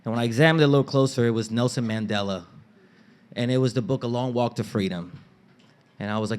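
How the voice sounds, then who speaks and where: Animated man telling a story on stage. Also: lowish voice, a little fast. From Dominican family background. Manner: animated, acts out family members' lines in raised voices; casual street slang and swearing. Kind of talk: live personal storytelling on stage. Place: stage at a live story slam.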